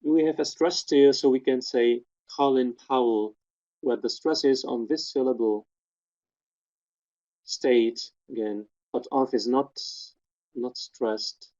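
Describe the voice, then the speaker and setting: A man gives a step-by-step technical lecture at a webinar, pointing out each detail in turn. His voice is dark and mellow at a middle pitch. The webinar audio sounds dull and lo-fi. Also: steady tone, slow. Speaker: webinar presenter. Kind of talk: technical lecture walking through spectrograms.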